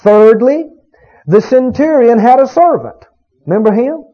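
Animated high-pitched male preacher. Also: a little slow, breathy edge. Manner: emphatic, rhetorical questions to the congregation. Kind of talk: sermon. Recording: dull lo-fi recording.

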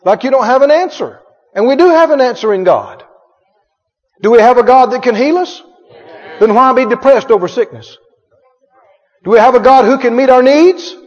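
A man's voice: very high voice, animated, normal speed, pauses often. A male pastor preaching with emphatic call-and-response and frequent chuckles. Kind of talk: sermon. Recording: echoey hall, dull sound.

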